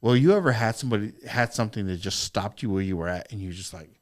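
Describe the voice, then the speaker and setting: A man guesting on a podcast, telling stories in casual chat, animated, swearing a lot and repeating himself. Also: fairly low pitch, fast talker.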